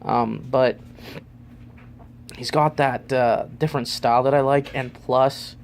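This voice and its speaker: A man's voice: mid-range voice, fairly even intonation, takes it slowly, creaky, a little hiss or hum. A man hosting his own vlog, rambling loosely through a ranking with lots of fillers. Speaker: vlogger.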